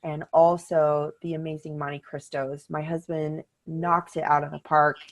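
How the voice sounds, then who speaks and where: A middle-aged woman talks in a casual, chatty way as a podcast co-host. She tells stories with animated, upbeat energy, and her voice sits a little low for a woman. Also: unhurried. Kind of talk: casual chat.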